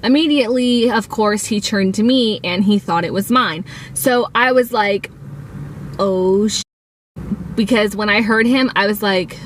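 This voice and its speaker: A woman's voice: medium pitch, moderate pace, hardly any pauses, a little hiss or hum. A young adult woman telling a casual storytime on her channel, chatty and filler-heavy, acting out what people said. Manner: chatty, acts out quoted dialogue, many fillers. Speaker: vlogger.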